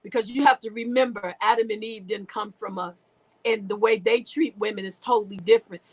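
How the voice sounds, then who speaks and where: A woman's voice: medium pitch, fairly even intonation, fairly quick, slightly rough, rough recording. A woman guest speaking in an emotional, preachy way, often repeating and restarting her words. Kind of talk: impassioned spiritual talk.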